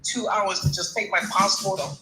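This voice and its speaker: A woman in her forties on a live call, recounting a painful personal story in a halting way, repeating and restarting words. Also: mid-range voice, steady tone, bright, forceful tone, roomy sound, slight background noise, rough recording. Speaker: caller sharing her story.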